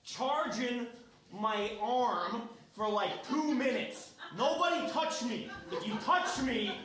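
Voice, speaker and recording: A man's voice: very high voice, takes it slowly, crowd noise. A man performing bossy, rallying live improv comedy, recorded far off in an echoey theatre with music.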